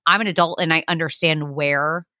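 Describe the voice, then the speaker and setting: A woman's voice: low-pitched, steady tone, moderate pace, sharp tone, no echo, studio quality. A woman in her thirties co-hosting a podcast, chatting casually, swearing freely and acting out stories. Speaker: podcast co-host. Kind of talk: casual chat.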